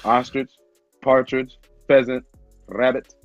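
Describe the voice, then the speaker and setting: A man's voice: mid-range voice, flat delivery, slow pace, dry recording, highs cut off, faint music behind. A man in casual chat with friends, laughing often as he reads out food lists from a book.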